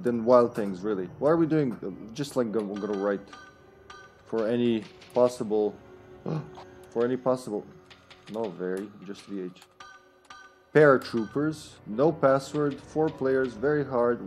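A male streamer with as his chats loosely through a live game session, cracking jokes and laughing between lines. His pitch sits mid-range for a man, and faint music plays under his voice. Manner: joking, laughs often, reads chat aloud. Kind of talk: casual live gameplay chat.

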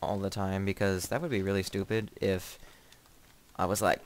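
A man's voice: low voice, little pitch movement, moderate pace. Rambling young man playing a game. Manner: rambling, jokey, easily startled. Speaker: gamer. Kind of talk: casual let's play commentary.

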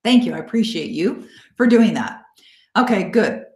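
A woman hosting a live online coaching webinar, encouraging and upbeat, thanking listeners by name and slowing down to guide them. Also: medium pitch, lively intonation. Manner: slow, coaxing guidance in visualization parts. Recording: echoey room.

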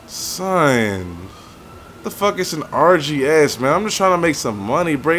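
A young man swearing and venting through gameplay commentary, with loud outbursts that sink into low, weary muttering. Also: big pitch swings, measured pace, a little hiss or hum. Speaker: gaming YouTuber.

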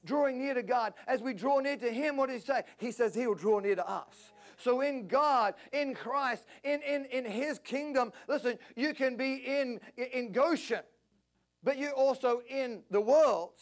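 A man preaching a passionate sermon at a church service, climbing to near-shouts. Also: very high voice, a little slow. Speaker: pastor.

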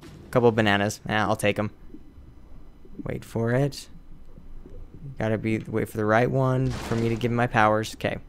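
A man's voice: fairly low pitch, flat delivery, moderate pace, pauses often, a little hiss or hum. A man hosting a let's play, casually commenting on his gameplay and talking to the characters on screen. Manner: chatty, talks to the game and its characters.

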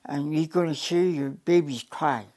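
An older woman from the Yukon with a notably low voice recounts an old family story as an elder storyteller. She speaks plainly and unhurriedly, often going back over her words and starting phrases again. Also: a little slow, darkish tone. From Yukon, Canada. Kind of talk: oral storytelling.

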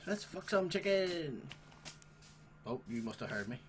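A man hosting a gaming channel, chatting casually and swearing excitedly as he plays a game. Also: on the high side, a little slow, a little hiss or hum. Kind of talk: casual gameplay commentary.

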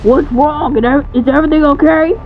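A woman's voice: high voice, fairly even intonation, fairly quick, phone-quality sound, faint music behind, natural voice. A woman voicing a concerned father who asks what happened. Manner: concerned, questioning. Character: concerned father, calm husband.

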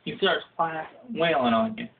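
A man's voice: moderate pace, gravelly. Profane young man ranting over a tinny line. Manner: profane, acts out quotes in a high shouting voice. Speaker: comedic storyteller. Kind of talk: casual comedic rant. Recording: phone-like lo-fi audio.

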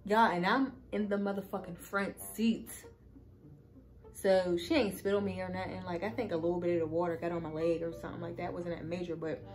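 A woman's voice: on the low side, fairly even intonation, fairly quick, darkish tone, faint music behind, poor audio. A woman telling a casual storytime to her viewers, chatty and swearing freely as she talks to them. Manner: chatty, cursing freely, addresses viewers as y'all. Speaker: vlogger.

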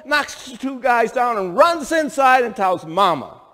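Animated high-voiced preacher in a reverberant hall. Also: male voice, normal speed, hardly any pauses. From upstate New York. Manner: animated storytelling with rhetorical questions to the congregation. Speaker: pastor. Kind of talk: sermon. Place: church sanctuary. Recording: long church hall reverb.

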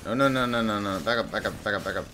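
A man giving live gameplay commentary, excitable and profane, breaking into sudden yells. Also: on the low side, racing, noisy background. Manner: excitable, swearing, bursts into yelling. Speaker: gameplay streamer.

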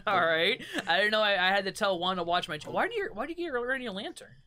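A man's voice: high-pitched, animated, fast, sharp tone. A man chatting as the guest on a casual let's-play, giggling a lot and giving gameplay hints. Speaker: co-op gaming guest.

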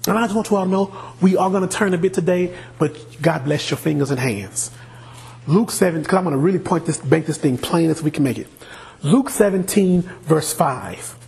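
A male pastor preaching a sermon, animated, often asking the congregation questions. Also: a little high, moderate pace, vocal fry. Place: church sanctuary.

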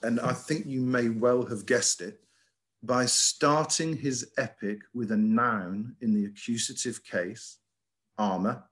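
A middle-aged man, a headmaster giving a lively, emphatic lecture over a video call, with frequent ums and uhs. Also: medium pitch, takes it slowly. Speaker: school headmaster giving a talk. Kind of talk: lecture with slides.

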